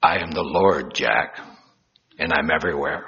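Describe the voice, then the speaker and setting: A man voicing God as a calm, unhurried male voice. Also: exaggerated voice. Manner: slow, calm and deep. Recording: dull lo-fi recording.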